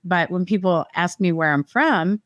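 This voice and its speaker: A woman's voice: on the low side, fairly bright tone, no echo, dull audio. Chatty midwestern-raised woman, dry sound. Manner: chatty, laughs often, quick asides. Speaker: guest real estate agent. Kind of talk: casual podcast chat.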